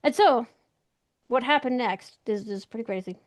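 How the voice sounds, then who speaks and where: A young woman, a guest in an interview, telling a story in an animated, excitable way and acting out the voices she quotes. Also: fairly high pitch, normal speed, dry recording.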